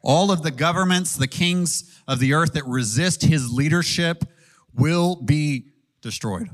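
In this sermon, a man with a slightly high voice speaks at an unhurried pace. His preaching is earnest and conversational, sprinkled with ums and questions put to the audience.

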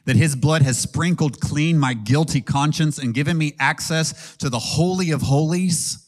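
Here a man in his thirties delivers a sermon with a fairly high pitch. He preaches earnestly and conversationally, putting questions to his listeners and filling pauses with ums.

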